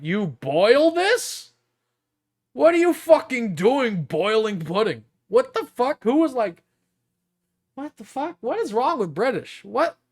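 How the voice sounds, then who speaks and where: A man streaming casually as a virtual streamer, reading aloud and reacting in a profane, giggly, rambling way. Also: fairly high pitch.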